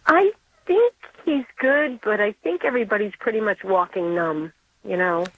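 A middle-aged woman from Connecticut calling in to a radio show, speaking haltingly as she searches for words. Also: mid-range voice, animated. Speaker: radio caller. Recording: tinny dry phone line.

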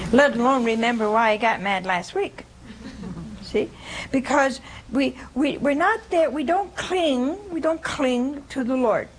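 A woman's voice: high-pitched, slow pace, slight background noise. A woman giving an informal religious talk to a live audience, chatty and humorous, often putting questions to her listeners. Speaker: religious teacher.

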